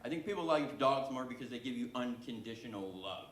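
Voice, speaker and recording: A man's voice: medium pitch, animated, a little fast. A man doing a stand-up comedy set on a club stage, self-deprecating and chatting with the crowd. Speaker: stand-up comic. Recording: echoey club room with faint background ambience.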